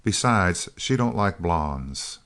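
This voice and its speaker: A man reading the lines of a cool, easygoing young male outlaw recruit who talks calmly. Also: low-pitched, takes it slowly, heavily acted. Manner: calm, easy drawl.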